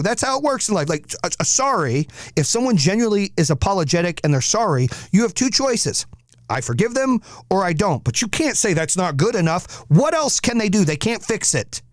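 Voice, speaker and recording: Blunt, profane man, slightly high voice. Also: very animated, fairly quick, no echo, clean studio sound. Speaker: podcast host. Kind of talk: motivational monologue.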